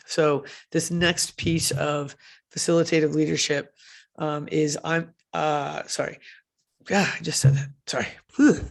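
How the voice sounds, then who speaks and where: Woman speaker, conversational conference delivery, low fry in the voice, self-correcting and checking in with listeners. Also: fairly even intonation, measured pace. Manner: chatty, often tags "right?" and self-corrects with fillers.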